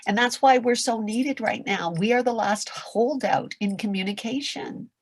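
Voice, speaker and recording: An older woman and veteran performer giving an animated motivational talk on a video call, swinging from loud calls to hushed asides. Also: fairly high pitch, moderate pace, husky, dry recording. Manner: theatrical, acts out quoted voices, swings from loud to hushed. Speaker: guest performer and coach.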